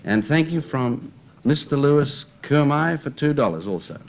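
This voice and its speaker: A man's voice: medium pitch, big pitch swings, normal speed. An Australian man reading telethon donations in a plain, businesslike way. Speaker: telethon presenter.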